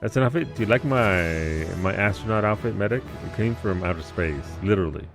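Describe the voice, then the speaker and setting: A man's voice: on the low side, expressive, fairly quick, faint music behind. A man casually chatting with his viewers during a game livestream, joking and swearing freely. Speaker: streamer.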